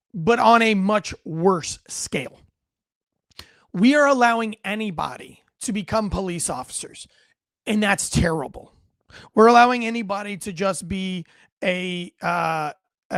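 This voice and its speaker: A military veteran hosts a livestream in a high-sitting voice, ranting bluntly and profanely, cracking wise, and reading out chat comments. The sound is studio quality with no echo.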